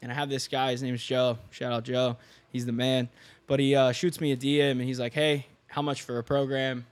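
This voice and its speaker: A young man, a podcast guest and online fitness coach, telling a story in casual chat, animated and often laughing, acting out the people he quotes. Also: medium pitch, a little fast.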